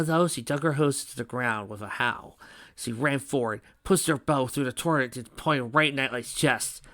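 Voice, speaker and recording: A man reading fan fiction aloud in a steady voice, with small slips and restarts. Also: medium pitch, no room sound. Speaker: reader.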